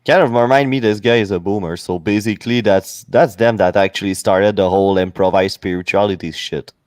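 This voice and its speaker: A low-pitched man drops dry, teasing remarks in casual podcast chat. The recording is dry and close. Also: brisk, a little mellow, no room sound. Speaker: podcast co-host.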